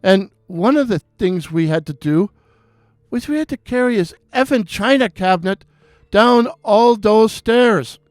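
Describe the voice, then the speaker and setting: A man putting on a young Irish bartender with a high Irish voice, ranting about his day and cramming a minced curse into nearly every phrase. The sound is dry and close, with no room echo. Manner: ranting, swearing constantly in minced words. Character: young Irish bartender, foul-mouthed and fed up.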